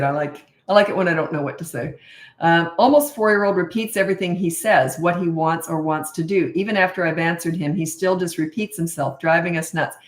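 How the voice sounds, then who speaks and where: An older woman, a parenting coach, giving blunt, direct advice in a live-stream Q&A. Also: lowish voice. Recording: echoey room.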